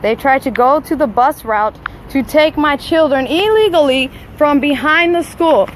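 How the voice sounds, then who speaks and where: A woman's voice: high voice, animated, unhurried, low-quality recording. A mother filming a live phone stream outdoors behind a school, talking urgently and repeating her demands insistently. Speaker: mother livestreaming a confrontation. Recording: loud outdoor street noise.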